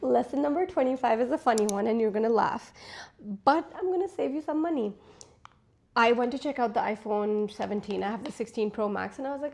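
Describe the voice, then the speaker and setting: A woman's voice: a little high, brisk, gravelly, a little mellow. A woman in her twenties giving frank, chatty life advice to camera in a big-sister tone. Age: 20s. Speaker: lifestyle vlogger. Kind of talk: casual advice talk to camera.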